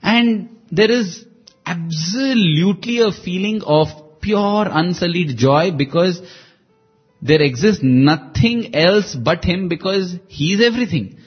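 Devotional storyteller, man, slightly high husky voice, muffled lo-fi recording. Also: expressive, takes it slowly, soft background music. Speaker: devotional speaker.

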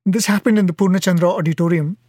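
A man, his voice sitting a little high, tells a devotional story at a patient, sincere pace. His delivery is earnest and unhurried. The sound is close and dry, with no echo. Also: steady tone, a little mellow. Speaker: devotional speaker.

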